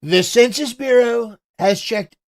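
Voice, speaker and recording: A man's voice: very high voice, slow pace, pitched above the performer's own voice. A man putting on an impression of a brash, boastful older male politician, speaking in emphatic, repetitive bursts and praising himself.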